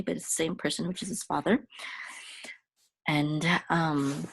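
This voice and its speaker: Patient low-voiced woman teaching Hebrew. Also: no echo. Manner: patient, halting, repeats words slowly for learners. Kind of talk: walking through Hebrew letters and vowels.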